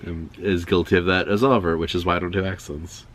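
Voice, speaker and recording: Low-voiced man making dry jokes. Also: steady tone, fast, a little hiss or hum. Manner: dry, joking remarks. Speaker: podcast co-host. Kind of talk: casual chat.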